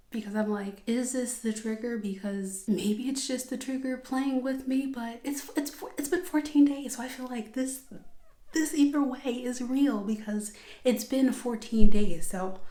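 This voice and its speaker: A young woman talking casually to her viewers, emotional and often slipping into a hushed whisper. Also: on the high side. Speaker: vlogger. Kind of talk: casual vlog chat. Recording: echoey room.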